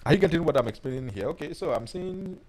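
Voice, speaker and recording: A man, a life coach teaching a webinar and telling personal stories in an animated way. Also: fairly high pitch, fast, poor audio. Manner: animated storyteller who reads out viewer comments.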